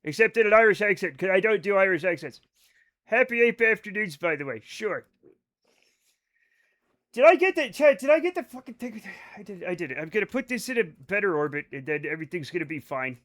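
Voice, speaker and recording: Excitable high-voiced man, swearing freely. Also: a little fast. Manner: excitable, swears a lot, rambling asides. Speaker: livestreamer playing a space game. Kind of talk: casual chat with stream viewers. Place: home at night.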